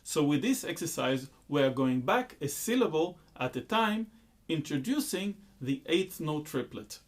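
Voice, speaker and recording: A man teaching a rhythm lesson, explaining slowly and chanting loud rhythm syllables. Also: on the high side, very animated. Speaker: music teacher.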